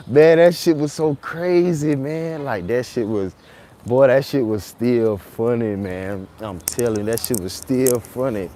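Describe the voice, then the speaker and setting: A man's voice: mid-range voice, normal speed. Street-walking man telling a wild story. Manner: animated retelling, acts out quotes loudly, then muses quietly. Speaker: vlogger. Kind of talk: live-stream storytelling while walking. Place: city streets outdoors in rain.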